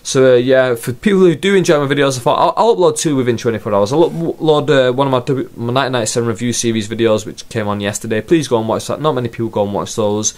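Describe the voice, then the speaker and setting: A man's voice: mid-range voice, fast talker, few pauses. A man giving a casual, ranting wrestling review in a video blog, swearing freely. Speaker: wrestling vlogger.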